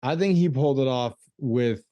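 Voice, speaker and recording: An easygoing man gives short, relaxed answers in a casual film chat. His middle-pitched voice sounds dry and close. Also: normal speed, dry recording, dull audio. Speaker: podcast co-host. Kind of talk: casual movie discussion.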